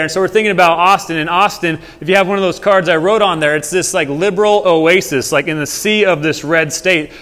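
A man's voice: sits high, quick pace, a bit bright. A young man preaching in a casual, conversational way, telling stories as a pastor. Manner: conversational, storytelling. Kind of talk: casual sermon. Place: church hall. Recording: long hall reverb.

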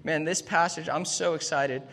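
A man's voice: on the high side, fairly even intonation, normal speed, creaky, fairly bright tone, husky, long reverb tail. A man in his thirties preaching a sermon, emphatic, often starting lines with "man" and restarting phrases. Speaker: pastor.

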